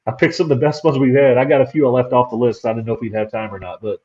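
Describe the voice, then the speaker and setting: A man's voice: mid-range voice, steady tone, rapid-fire, warm tone, highs cut off. A man, a paranormal investigator, chatting casually as a guest and recounting an experience, stumbling and repeating words as he goes. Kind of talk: casual storytelling chat.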